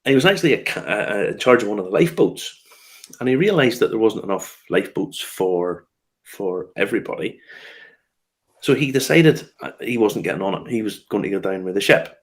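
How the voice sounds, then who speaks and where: A man's voice: lowish voice, expressive, brisk. A man hosting a casual whiskey news chat, telling stories with lots of fillers and restarts. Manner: chatty storyteller, laughs often, frequent fillers and restarts. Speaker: host of a whiskey news show.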